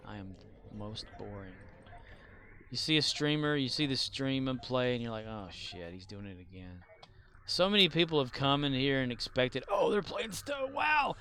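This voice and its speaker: A man's voice: medium pitch, lively intonation, normal speed, sharp tone, slight background noise. Rambling self-deprecating male streamer. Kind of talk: casual chat while gaming.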